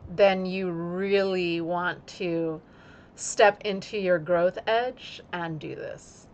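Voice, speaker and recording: A woman yoga teacher speaking in an instructional video, using slow, deliberate phrasing timed to her breath. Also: on the low side, fairly even intonation, lo-fi sound.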